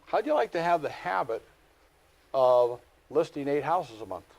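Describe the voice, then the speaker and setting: A middle-aged man teaching a live real estate class, lecturing with folksy stories and animated asides. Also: fairly high pitch, normal speed, gravelly.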